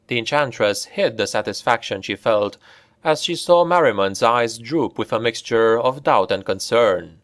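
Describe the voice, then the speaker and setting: Slow, deliberate male fantasy narrator. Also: medium pitch, expressive, no room sound, clean studio sound. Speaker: audiobook narrator.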